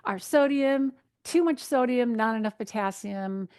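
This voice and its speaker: Animated woman giving a health talk. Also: on the high side, measured pace, clean tone. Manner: animated and conversational, with frequent fillers and restarts. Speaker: keynote speaker, registered dietitian nutritionist.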